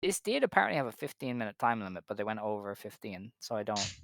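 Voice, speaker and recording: Male co-host, lowish voice, matter-of-fact recap delivery, dry close recording. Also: sing-song, fast, gravelly, fairly bright tone, no room sound. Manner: matter-of-fact, running through match results. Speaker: podcast co-host. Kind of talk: casual chat.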